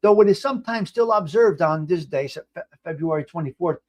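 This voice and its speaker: A man's voice: on the high side, expressive, a little fast, a little mellow. A man hosting a casual live stream, talking in a blunt, rambling way with frequent restarts. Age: 50s. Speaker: host.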